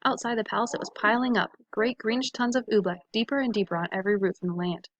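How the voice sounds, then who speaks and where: A woman reads a children's picture book aloud, bright and lively, changing her voice for each character. Her voice sits in the middle range and the sound is dry and close, with no room echo. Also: mid-range voice, fast talker, dull audio. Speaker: teacher reading aloud. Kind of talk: storybook read-aloud.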